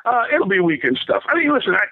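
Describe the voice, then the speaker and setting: Older man, high voice, rambling chatty anecdotes, laughs a lot, tinny dry phone line. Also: very animated, fast, gravelly, dry recording. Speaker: rock drummer interviewee. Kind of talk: casual storytelling interview.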